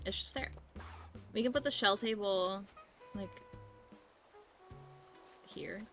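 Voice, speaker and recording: Bright, bubbly young woman streamer. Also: mid-range voice, takes it slowly, faint music behind. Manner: chatty, bubbly, slangy, rambling with fillers. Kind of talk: casual live-stream chat while gaming.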